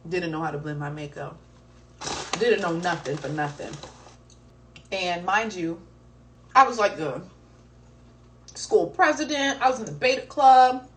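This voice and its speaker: A woman's voice: lowish voice, lively intonation, unhurried, pauses often, fairly bright tone, far from the mic, slight background noise, poor audio. Chatty young woman a little off-mic. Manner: chatty, laughing, self-mocking. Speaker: livestream co-host. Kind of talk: casual chat, storytelling. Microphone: phone livestream. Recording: voice set back from the phone mic.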